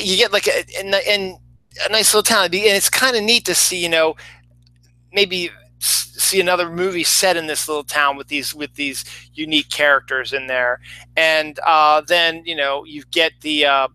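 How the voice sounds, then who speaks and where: A man's voice: fairly high pitch, pushed and bright, clear, resonant tone, low-quality recording. A man giving a casual, rambling film review, full of fillers and restarts.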